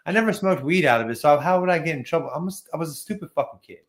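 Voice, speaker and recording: A man in his thirties from Texas, hosting a live chat show, talking in a loose, slangy way with swearing and quick laughs. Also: fairly high pitch, animated, roomy sound. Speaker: host. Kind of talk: casual chat.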